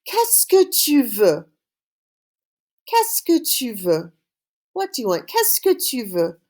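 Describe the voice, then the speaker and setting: A woman teaches French vocabulary to students watching a recording, her pitch lively and rising and falling. She says each word slowly, leaves room for the class to repeat it, and praises them cheerfully. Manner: slow call-and-repeat drilling with cheerful praise. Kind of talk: recorded online language lesson.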